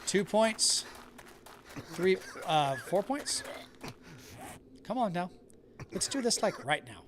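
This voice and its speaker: High-pitched and sing-song, this streamer speaks slowly against background noise. He's a man from the American South chatting with viewers as he plays a survival game live, keeping a neutral accent unless anger brings out his Southern one.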